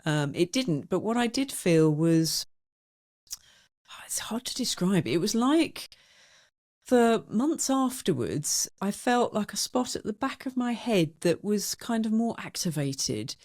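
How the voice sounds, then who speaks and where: A woman's voice: mid-range voice, sing-song, measured pace, a little mellow. A woman author being interviewed on a podcast, talking in a wry, candid way. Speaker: guest author. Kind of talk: conversational interview.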